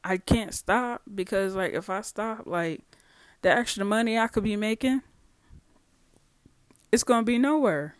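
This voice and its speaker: A solo podcast host speaks in a blunt, heavily profane monologue. The voice sits in a middle pitch and swings between loud, heated stretches and quieter ones. The recording is dry and close, with little room sound. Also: a little slow, long pauses, no echo.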